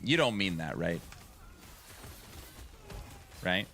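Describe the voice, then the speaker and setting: A man's voice: low voice, sing-song, drawn-out words, vocal fry, bright, forceful tone, soft background music. A man chatting casually on a live stream, playful and teasing as he talks back to his viewers.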